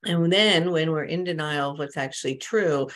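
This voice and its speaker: A woman's voice: low-pitched, normal speed. A woman spiritual coach talking casually to a group on an online call, telling stories with many asides. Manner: conversational, storytelling with many asides.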